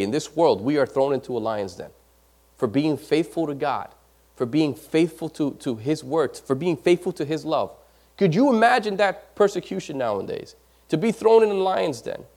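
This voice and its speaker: High-voiced man preaching with rising intensity. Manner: swells loud and high for emphasis, then drops to near whispers; repeats phrases, occasional stumbles. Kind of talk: sermon.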